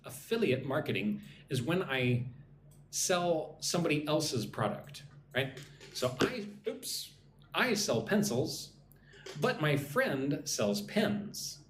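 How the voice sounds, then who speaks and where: A man's voice: fairly high pitch, very animated, slow pace, a bit bright, reverberant, slight background noise. A man teaching English on a live stream, reading chat comments and drilling pronunciation.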